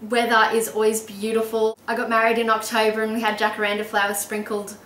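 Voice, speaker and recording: A woman's voice: on the high side, completely flat delivery, a little fast, fairly bright tone, reverberant, distant mic, low-quality recording. An Australian woman talking casually and enthusiastically in a vlog, often laughing as she explains things. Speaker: baby name vlogger.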